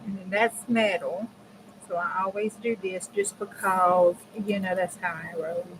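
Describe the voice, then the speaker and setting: A woman's voice: lowish voice, fairly even intonation, unhurried, noisy background. A middle-aged woman chatting casually to her viewers while crafting, folksy and talkative. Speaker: craft channel host.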